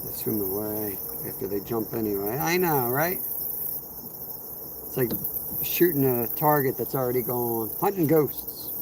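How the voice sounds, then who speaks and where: Unhurried and expressive, this mid-range male voice belongs to a man fishing on an outdoor livestream. He chats casually, wandering from topic to topic and responding to his viewers' messages, while crickets and insects buzz around him.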